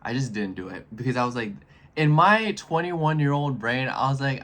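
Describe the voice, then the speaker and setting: A man in his twenties chatting casually in a vlog, rambling and animated as he speaks straight to his viewers. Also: mid-range voice, moderate pace. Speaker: astrology YouTuber.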